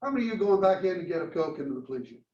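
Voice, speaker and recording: A man lecturing a marketing class, telling a story and acting out its dialogue in a lively way. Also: high voice, rapid-fire. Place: lecture room. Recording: roomy, distant, dull classroom recording.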